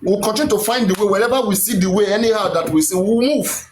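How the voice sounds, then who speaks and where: A man's voice: sits high, quick pace, darkish tone. A Nigerian man hosting a live stream, talking emphatically and repeating himself like a preacher. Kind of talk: animated live stream rant. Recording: echoey room with faint noise.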